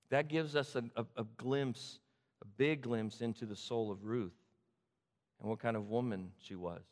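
A man from the Sacramento area preaching a sermon, retelling the story with animated repetition. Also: medium pitch, normal speed, in a large hall. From Sacramento area, California. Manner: animated storytelling, repeats phrases. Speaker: pastor.

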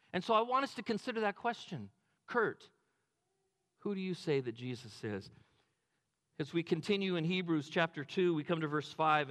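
Guy preaching, pretty high voice, big hall reverb, acts out the quotes all low. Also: a bit bright. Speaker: pastor. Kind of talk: sermon.

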